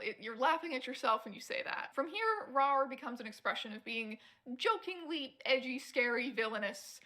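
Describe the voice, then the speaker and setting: Female narrator for a scripted video essay: bright, a touch high, dry wit. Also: moderate pace. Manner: wry, amused commentary.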